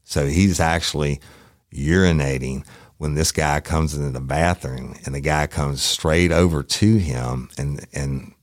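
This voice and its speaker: Podcast host, middle-aged man, rumbling deep voice, folksy and foul-mouthed, dead-dry studio sound. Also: unhurried, dry recording. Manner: profane, rambling, folksy. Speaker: podcast host, former detective. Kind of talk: casual storytelling.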